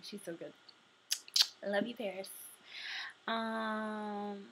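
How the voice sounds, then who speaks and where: A young woman chatting casually to camera, answering questions for a tag video, sometimes dropping to a soft murmur. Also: mid-range voice, slight background noise, poor audio. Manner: chatty, drifting between soft murmurs and bright bursts.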